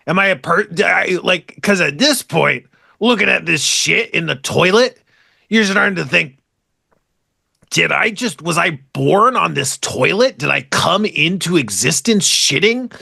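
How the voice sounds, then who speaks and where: Man doing a gravelly, rambling radio character. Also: a little high, full character voice. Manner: loud, rambling, mock-dramatic storytelling. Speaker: podcast co-host. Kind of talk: comedic character bit.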